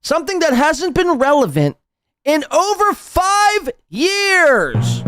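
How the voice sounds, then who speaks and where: A man's voice: extremely high pitch, wildly swooping pitch, unhurried, a bit bright, faint music behind. A man hosting a podcast, mocking and sarcastic in casual, profane commentary on clips.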